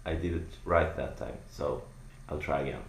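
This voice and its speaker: Very deep gravelly young man, rambling slowly. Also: reverberant. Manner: rambling, filler-heavy explanation. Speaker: vocal tutorial maker. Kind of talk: casual spoken tutorial.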